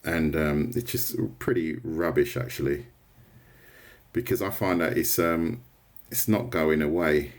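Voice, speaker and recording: A man's voice: a bass voice, fairly even intonation, unhurried. A man chatting casually on a drawing livestream, rambling and answering viewer comments. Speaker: artist livestreamer.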